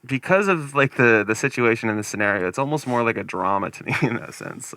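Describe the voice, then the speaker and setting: A man's voice: medium pitch, expressive, fast talker, sharp tone, no echo. A young man co-hosting a casual podcast, thinking aloud in long, filler-heavy runs. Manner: rambling, filler-heavy musing. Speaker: podcast co-host. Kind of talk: casual chat.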